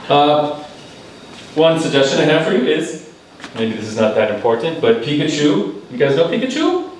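Serving as language evaluator at a speaking club, a man gives live feedback in a large, very echoey meeting room, patiently explaining phrases and having the group repeat words. His voice is a little high with big pitch swings and a moderate pace. The distant room mic adds a little hiss or hum.

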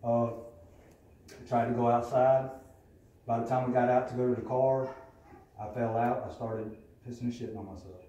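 A man's voice: mid-range voice, steady tone, moderate pace, long pauses, dark tone, lo-fi sound, a little hiss or hum. A man giving a candid, profane personal testimony at a recovery meeting, in a plainspoken storytelling manner. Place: meeting room. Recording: echoey room from a distance.

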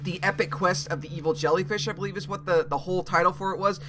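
A young man with a bright, slightly high voice narrates his horror game playthrough, jumping and cursing at scares and talking his way through the puzzles. Soft game music plays underneath. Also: quick pace. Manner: excitable, jumpy reactions, swearing, thinking aloud. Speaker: gaming YouTuber. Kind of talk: let's play commentary.

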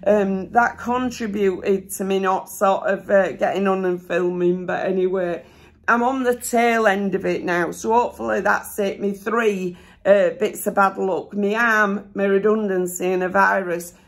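A woman with a broad Yorkshire accent chats through a shopping haul while sitting down, her voice gravelly with some vocal fry. A sore throat roughens her voice, and she sounds slightly out of breath. She rambles in a homely way, mid-pitched, with lots of ums. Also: steady tone, measured pace. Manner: rambling, homely, filler-heavy. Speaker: haul vlogger. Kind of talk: casual chatty haul vlog. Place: seated indoors.

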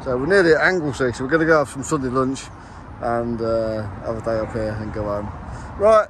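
A man's voice: medium pitch, lively intonation, a little fast, a bit bright. A middle-aged man and racing driver chatting casually in a rambling vlog, full of restarts. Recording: noisy outdoor recording.

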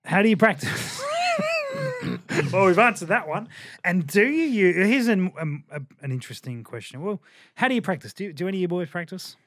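A man's voice: high voice, very animated, moderate pace, a bit bright, dry recording. A man hosting a casual podcast chat, laid-back and laughing often. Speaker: podcast host.

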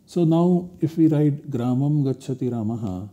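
Male lecturer, very dark mellow tone, methodical and explanatory delivery. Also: mid-range voice, lively intonation, normal speed, highs cut off. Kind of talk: university lecture on grammar.

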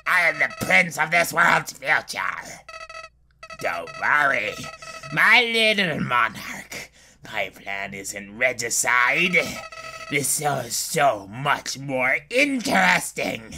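Man voicing sneering evil flower, slow taunting drawl, pitched low. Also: big pitch swings, sharp tone, faint music behind, heavily acted. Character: sly menacing flower, male, cruel and taunting.

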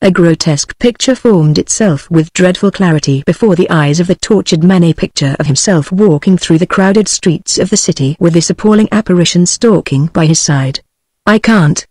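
A synthetic female voice with a British accent narrating an audiobook in an even, computer-generated read. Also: on the low side, normal speed, few pauses, dry recording. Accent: British English. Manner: evenly synthesized text-to-speech reading. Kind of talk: scripted narration.

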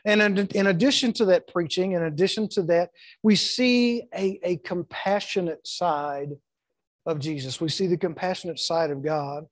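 Middle-aged male pastor, high-pitched, emphatic sermon delivery, dry close mic. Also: dry recording. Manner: emphatic preaching with acted-out quotes and repetitions. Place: church sanctuary.

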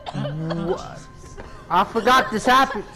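Slow-talking sarcastic gaming streamer. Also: mid-range voice, lively intonation, music in the background. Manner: laughing, sarcastic, swearing. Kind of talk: casual game commentary.

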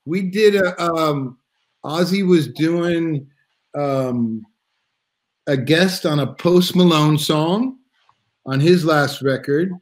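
A man's voice: on the high side, slow, low-quality recording. A middle-aged man telling a story in a casual live video chat, rambling with restarts and acting out quotes. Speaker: drummer guest. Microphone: video call.

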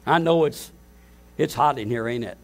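An older man preaching a sermon to his congregation at a church service, impassioned, climbing to shouts and stumbling over restarts. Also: mid-range voice, normal speed. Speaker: pastor.

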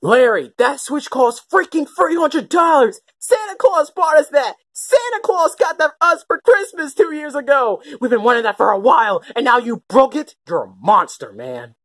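A woman voicing a bratty young male koopa prince who taunts and yells in a puppet comedy skit. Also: high voice, big pitch swings, moderate pace, few pauses. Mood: scolding. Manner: taunting, yelling, scolding.

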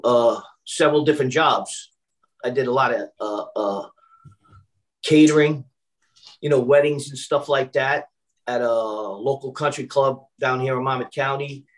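A man's voice: medium pitch, rough recording. A man from Brooklyn, a personal chef chatting casually on a video call, full of fillers and restarts. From Brooklyn, New York. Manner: chatty, repeats words when starting, many fillers.

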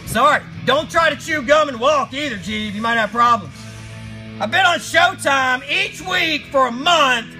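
Male streamer: shouty, crude, roaring rants, very high and piercing, faint music underneath. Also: measured pace, rough recording. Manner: loud shouting, crude and jokey, often roaring. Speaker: live stream host reading chat. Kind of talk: ranting live stream chat. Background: faint music playing.

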